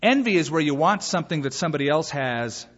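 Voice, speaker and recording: A male pastor preaching a sermon in a lively way, acting out bits of dialogue between points. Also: fairly high pitch, quick pace, husky. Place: church sanctuary. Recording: muffled live recording in a reverberant hall.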